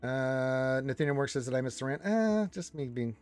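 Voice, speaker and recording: A man hosting a casual gaming livestream, reading chat comments aloud and reacting with loud greetings and low grumbles. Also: expressive, normal speed, clear, resonant tone, faint music behind. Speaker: livestream host.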